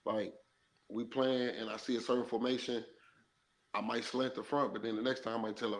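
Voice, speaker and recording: A man's voice: mid-range voice, brisk, a little hiss or hum. A man who played football, talking casually and animatedly with plenty of slang. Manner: loose, animated storytelling with slang. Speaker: former football player, guest. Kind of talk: casual sports talk.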